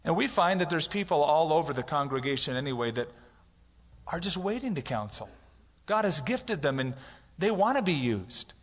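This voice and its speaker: A man preaching a sermon in a church sanctuary, chatty and playful with quick asides. His voice sits a touch high for a man, and it carries a long hall reverb. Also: sing-song. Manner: conversational, humorous asides, acts out voices. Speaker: pastor.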